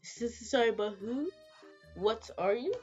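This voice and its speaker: A woman's voice: on the high side, measured pace, a little mellow, muffled recording, faint music behind, pitched above the performer's own voice, lightly acted. A woman voicing a polite young human character in a game who stammers after waking up weak. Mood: shaken.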